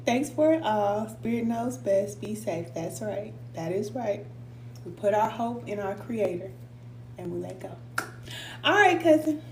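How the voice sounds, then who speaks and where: A woman's voice: a little high, a little mellow. A middle-aged woman hosting a casual live stream, talking informally with viewers, laughing often and reading out their comments. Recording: echoey room with faint hum.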